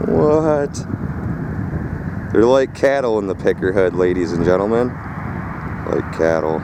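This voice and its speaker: A low-voiced man from Michigan narrates his own outdoor vlog in a rough, casual, swearing manner. He speaks into a handheld camera out in the countryside, with faint outdoor noise around him. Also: expressive, normal speed. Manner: rough-talking, swears casually, calls viewers "boys". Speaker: vlogger scrapping metal.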